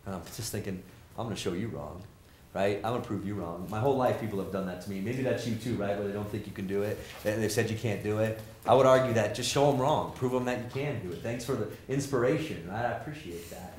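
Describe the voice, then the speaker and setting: Animated male lecturer in a roomy hall. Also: fairly low pitch. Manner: animated, joking, acts out quoted people. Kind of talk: energetic lecture to students. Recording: roomy hall sound, faint noise.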